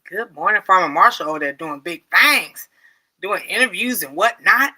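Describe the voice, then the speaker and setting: A woman's voice: lowish voice, lively intonation, moderate pace, bright, forceful tone. A middle-aged woman hosting a casual livestream chat, laughing often and reading out viewer comments. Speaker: livestream host.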